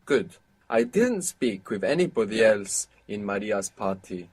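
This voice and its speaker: A man teaching Spanish in a live online lesson, explaining patiently and slowing down to dictate phrases. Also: on the low side, big pitch swings, a little mellow, slightly rough. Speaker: Spanish tutor.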